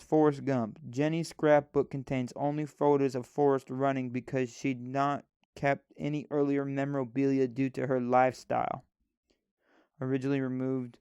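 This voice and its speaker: A man's voice: mid-range voice, gravelly, a little mellow, clean tone, dry recording, clean studio sound. An American man hosting a podcast alone, rambling sarcastically and swearing casually. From United States. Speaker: podcast host. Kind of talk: solo casual podcast monologue.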